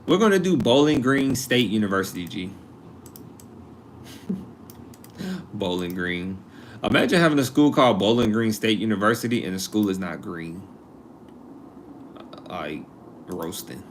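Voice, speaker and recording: A young man in his twenties talks loosely on a live stream, joking and reacting to chat as he browses college numbers. His voice sits fairly low. A faint hum of noise runs underneath. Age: 20s. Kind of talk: casual live-stream commentary.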